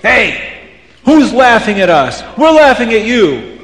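A man's voice: high voice, lively intonation, slow pace. A man voicing a pair of scheming, cackling female witches in a told story, taunting and boastful. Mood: indignant. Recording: roomy hall reverb.

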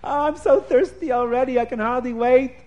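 A man storytelling for children voices a greedy, excitable king who loves wine, gleeful at first and then indignant. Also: high-pitched, measured pace, highs cut off.

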